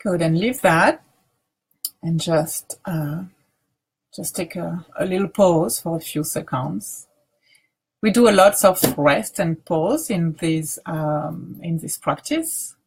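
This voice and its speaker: A woman teacher leading a guided grounding practice, speaking softly with many pauses and restarts. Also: lowish voice, slightly rough. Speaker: meditation teacher.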